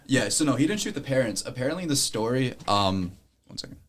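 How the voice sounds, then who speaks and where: A man chatting casually, explaining a story in a relaxed way. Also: medium pitch, a little fast. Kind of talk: casual chat.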